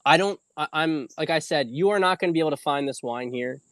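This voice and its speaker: A man's voice: on the high side, fast talker, a bit bright, dry recording. A man hosting a casual livestream, rambling loosely with frequent fillers and the odd swear word. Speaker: host.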